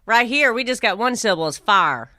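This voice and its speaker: An American woman with a high-pitched, very bright voice chats with a friend on a podcast. She laughs often and teases playfully. The sound is close and dry. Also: animated, quick pace, no room sound. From United States. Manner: giggly, playful teasing. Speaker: podcast co-host. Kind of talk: casual chat.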